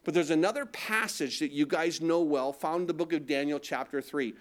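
A man's voice: a little high, brisk. A man preaching a sermon, asking the congregation questions and answering them, building in intensity as he goes. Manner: call-and-response questions, rising in intensity. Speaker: pastor.

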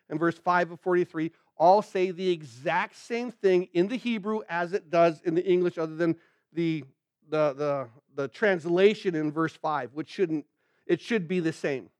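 A man with a high voice preaches an earnest sermon, working through scripture verse by verse. He keeps asking the congregation questions and answering them himself. The sound is close and dry, with no room echo. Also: a little mellow, muffled recording. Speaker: pastor. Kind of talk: sermon, verse-by-verse Bible teaching.

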